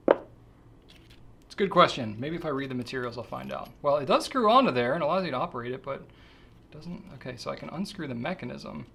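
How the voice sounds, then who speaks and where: A man hosting a pen shop question-and-answer show, talking casually and easygoing, thinking out loud as he handles a pen. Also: mid-range voice, gravelly, slight background noise. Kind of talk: casual chat.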